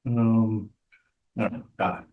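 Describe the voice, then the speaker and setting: A man hosting and channeling, talking casually in a halting way with many restarts. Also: fairly low pitch, fairly even intonation, phone-quality sound. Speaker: channeler and show host. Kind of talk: casual chat. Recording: roomy echo.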